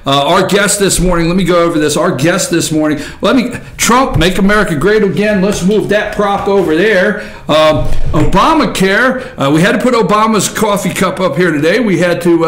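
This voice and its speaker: A man's voice: high voice, reverberant. A man hosting a morning talk show, rambling and joking, often raising his voice. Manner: rambling, animated, jokey, often shouting. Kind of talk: casual talk show monologue.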